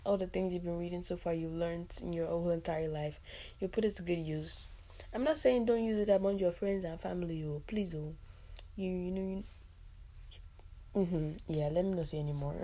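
A woman from Nigeria with a Nigerian accent hosts a solo podcast in a relaxed, chatty way. Her voice sits a little low and sounds mellow and soft-edged. She talks expressively and scatters "like" through her sentences. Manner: chatty and expressive, with frequent "like" fillers and asides. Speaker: podcast host. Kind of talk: casual solo podcast talk.

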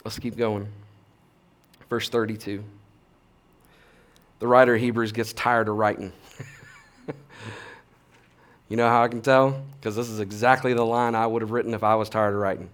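A man in his thirties preaching a sermon as a pastor, casual and animated, with slang and big swings between quiet and loud. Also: lowish voice, moderate pace, long pauses.

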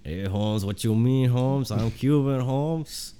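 A man putting on a tough-talking street guy with a put-on Mexican accent, slow and confrontational. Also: mid-range voice, mellow, clean tone, voice pushed up, natural voice. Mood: taunting. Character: tough-talking street guy who calls everyone homes, adult man.

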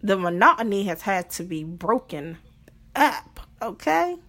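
Speaking at an unhurried pace, this podcast host has a mid-range, very animated voice with a sharp edge. She's a blunt, foul-mouthed woman riffing casually on relationships and firing off rhetorical questions.

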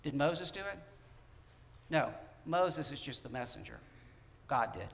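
Male pastor, fairly high voice, chatty sermon delivery, church hall reverb. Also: measured pace. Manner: conversational, animated preaching with asides.

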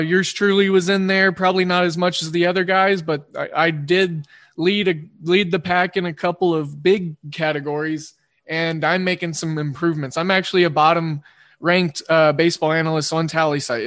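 A man with an Oklahoma twang hosting a sports betting podcast in a rambling, quick-fire casual monologue that often corrects itself. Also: fairly high pitch, steady tone, a bit bright.

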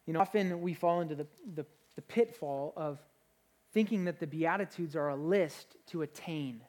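A young man, a pastor, preaching a sermon in an energetic, conversational way, with frequent restarts. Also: fairly high pitch, moderate pace.

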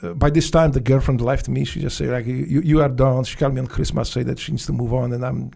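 A former Navy SEAL from Poland tells stories in a casual interview, his voice gravelly and dark with a Polish accent, medium in pitch and steady in tone. He's blunt and profane, speaking halting, broken English and often restarting his sentences.

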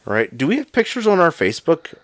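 A man's voice: fairly high pitch, fast talker, no echo, clean studio sound. A man chatting casually at home over whiskey, telling a story with lots of swearing. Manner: profane, animated storyteller. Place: home, drinking whiskey with a friend.

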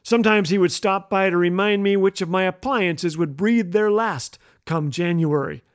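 A man from Canada hosting a radio show, telling a humorous story in a wry, deadpan way. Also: high voice, normal speed. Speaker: radio host. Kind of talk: scripted humorous radio commentary.

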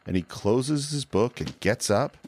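A man's voice: medium pitch, lively intonation, measured pace, darkish tone. A man co-hosting a film podcast, casually retelling a movie scene by scene and briefly acting out the characters' lines. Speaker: podcast co-host.

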